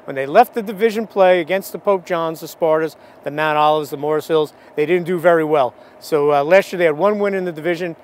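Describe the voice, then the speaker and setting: High-voiced man rattling off baseball stats. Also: fairly quick, hardly any pauses. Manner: conversational, fact-heavy rundown with fillers. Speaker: sports analyst. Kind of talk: local radio sports preview.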